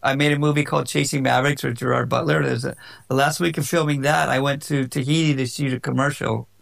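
A man telling his own dramatic surfing and diving stories in an animated interview, with lots of "like" and acted-out quotes. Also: medium pitch, fast talker, creaky. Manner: excited, full of likes and quoted voices. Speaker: surfer telling his story.

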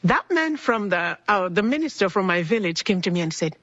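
A woman gives an earnest faith testimony in a very animated, fairly quick manner, her medium-pitched voice fairly bright. She acts out the people she quotes, and the dry recording sounds dull.

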